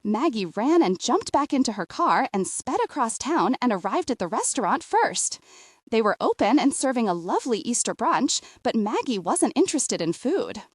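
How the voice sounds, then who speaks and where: A woman narrating an audiobook in an expressive storytelling way. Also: on the high side, moderate pace, breathy edge, no echo, studio quality.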